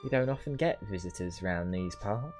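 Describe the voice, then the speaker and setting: Man voicing a motherly old country grandma, West Country accent, sing-song, chatty, lively pitch. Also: normal speed, faint music behind. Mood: cheery fussing. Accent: West Country English. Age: older.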